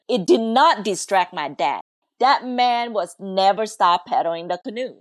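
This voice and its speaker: A woman from Laos, a podcast guest, earnestly and emotionally tells her family's story in an interview, her English grammar loose and non-native. Her mid-range voice is animated and measured in pace, recorded with clean studio sound and no echo.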